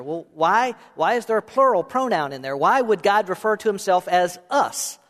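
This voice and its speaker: A middle-aged man preaching a sermon as pastor, conversational and playful, asking his listeners questions. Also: fairly high pitch. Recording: reverberant hall sound.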